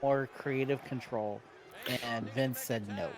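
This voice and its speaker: A man's voice: medium pitch, steady tone, takes it slowly. A man co-hosting a podcast, supplying facts and corrections in casual chat. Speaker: podcast co-host.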